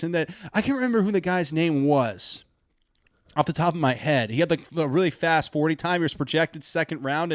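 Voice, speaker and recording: Host, male, high-pitched, excitable sports ranter, dry close-mic sound. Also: no room sound. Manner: excitable, ranting, self-mocking. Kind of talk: animated sports talk.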